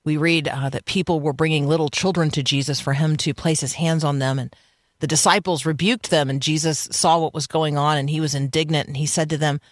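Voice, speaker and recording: An earnest radio host leads a devotional teaching, pressing listeners with rhetorical questions. The voice sits at a middling pitch and comes through a dry studio mic with no room echo. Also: fairly even intonation, a little fast.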